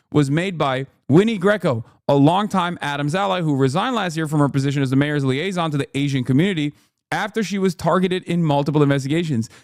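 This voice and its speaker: A man's voice: on the high side, no room sound, clean studio sound. A man who streams political commentary, reacting in a sardonic, profane way with laughing asides.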